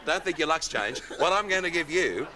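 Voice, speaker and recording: Rambling Australian host, lively pitch. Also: male voice, brisk. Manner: rambling, jokey, laughs often. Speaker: talk show host. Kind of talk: live TV studio chat with audience. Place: TV studio with live audience. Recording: 1980s TV broadcast, loud audience noise. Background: studio audience.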